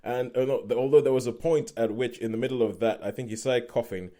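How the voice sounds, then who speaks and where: A man hosting a casual podcast chat over a video call, animated and steering the conversation. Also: medium pitch, fast. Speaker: podcast host.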